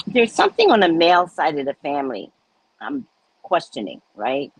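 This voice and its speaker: Gravelly and husky, a woman podcast host tells stories in a laid-back chat. She's blunt and profane, laughs often, and acts out the dialogue with big pitch swings. The recording quality is rough.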